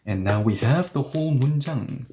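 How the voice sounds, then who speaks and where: A man's voice: medium pitch, lively intonation, fast, warm tone. A man teaching a grammar lesson, explaining each step and asking questions that he then answers himself. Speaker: Korean language teacher.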